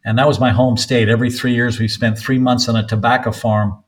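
An older man from North Carolina, a soccer coach guest on a podcast, telling long anecdotes with frequent pauses. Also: mid-range voice, flat delivery, poor audio. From North Carolina, USA. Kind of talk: podcast interview storytelling.

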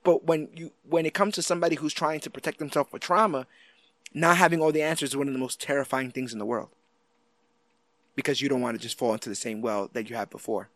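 A man co-hosting a casual chat about a TV series, animated and quick to act out lines from it. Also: medium pitch, no echo. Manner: animated, acts out quotes in lively voices. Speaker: podcast co-host.

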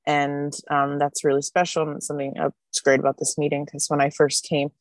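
A woman sharing at an online recovery meeting. Her voice is low, the sound is dry and close, and her manner is earnest and halting, full of small fillers. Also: monotone, dry recording. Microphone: video call.

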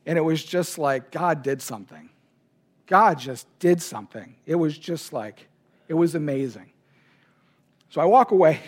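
A man's voice: on the high side, animated, normal speed, pauses often. A man preaching a sermon as pastor, telling a personal story with emotion. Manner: personal, emotional anecdote told to a congregation.

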